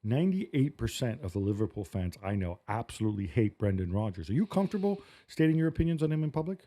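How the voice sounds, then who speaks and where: A man hosting a casual football podcast with a wry, quick way of talking. His voice sits at a mid-range pitch for a man. He speaks with frequent ums and restarts. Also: sing-song, dark tone. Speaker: podcast host.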